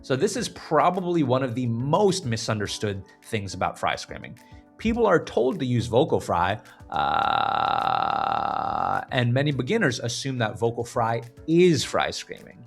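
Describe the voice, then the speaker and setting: In an instructional video over faint background music, a vocal coach with a slightly husky voice teaches beginners scream technique. His sing-song pitch rises and falls at normal speed as he lays out each point plainly, breaking into short scream demonstrations.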